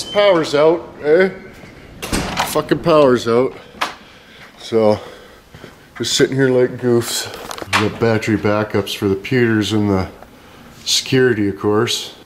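A man's voice: mid-range voice, measured pace, pauses often. A man vlogging casually, grumbling and sarcastic, swearing constantly as he rambles. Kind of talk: casual profane rambling vlog. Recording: noisy outdoor or car recording.

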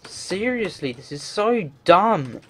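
A man's voice: high-pitched, sing-song, takes it slowly, bright, forceful tone, slightly rough. A man doing game commentary, talking to himself and swearing in frustration as he plays. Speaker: let's play gamer.

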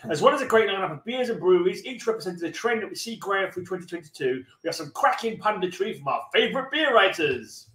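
A man's voice: sits high, lively intonation, fast talker, hardly any pauses, fairly bright tone, recorded from a distance. A man with a Cockney accent, hosting a casual beer-tasting podcast, joking, rambling and swearing freely. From East End of London. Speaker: podcast co-host. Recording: roomy echo.

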